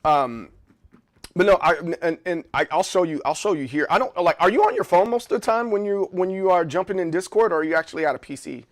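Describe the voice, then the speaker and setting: A man's voice: high voice, lively intonation, fast talker. A man streaming live in casual chat, rambling and joking, often repeating words. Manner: joking, playful.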